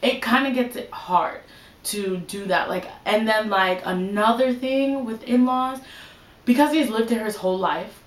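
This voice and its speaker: A woman's voice: fairly high pitch, unhurried. Chatty young woman vlogging in an echoey room. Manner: chatty, filler-heavy, full of "like" and "you know". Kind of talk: casual advice vlog.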